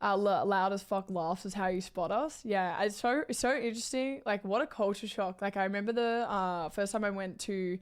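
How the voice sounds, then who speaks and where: A talkative woman with an Australian accent, livestreaming and chatting off the cuff. She wanders between thoughts, stacking "like" fillers and cutting herself off mid-word, in an easygoing tone at a middle pitch. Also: steady tone, moderate pace, few pauses, clean tone. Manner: chatty and rambling, with frequent "like" fillers and self-corrections. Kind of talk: casual chat.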